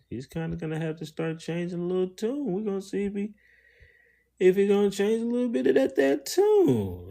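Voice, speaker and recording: A man's voice: on the high side, mellow. A man, talking casually and rambling on a live stream, swearing, using slang and greeting his viewers.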